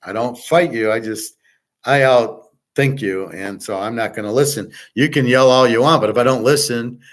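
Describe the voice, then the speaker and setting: A middle-aged man holds forth in a rambling monologue on his own show. His voice sits at an ordinary pitch, and he sounds blunt and sure of himself, stumbling into repeated words as he rants. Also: normal speed. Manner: blunt, self-assured, repeats words while ranting. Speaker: podcast host.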